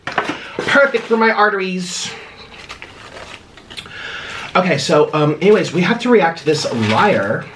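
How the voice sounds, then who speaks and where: A man's voice: sits high, animated, a little slow, long pauses, background noise. A man doing a casual mukbang reaction video, mocking and sarcastic as he talks through mouthfuls of food. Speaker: mukbang YouTuber.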